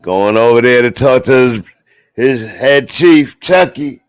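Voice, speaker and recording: A man giving casual live play-by-play commentary, talking straight to his viewers in slang and breaking into loud exclamations on big plays. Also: medium pitch, animated, a little slow.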